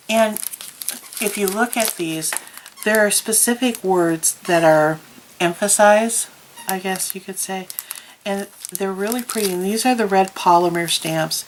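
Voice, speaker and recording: A woman's voice: medium pitch, unhurried, a little hiss or hum, poor audio. A woman vlogger chatting casually about crafts, telling stories with plenty of ums. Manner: chatty, storytelling with many ums. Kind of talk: casual chat.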